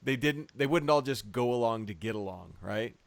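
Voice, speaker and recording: A man speaking as a guest on a political podcast, measured and a little hesitant. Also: medium pitch, expressive, creaky, no room sound.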